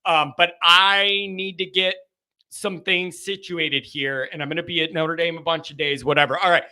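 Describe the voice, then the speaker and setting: A man hosting a live call-in sports show, chatting casually and telling stories in animated, rambling bursts. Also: on the high side, moderate pace. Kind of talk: casual live-stream chat and storytelling.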